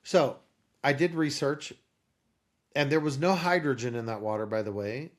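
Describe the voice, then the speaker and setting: In a mid-range voice at normal speed, a man who founded a company tells a personal story as an interview guest. His delivery is animated, and he plays out the dialogue of the people he's describing.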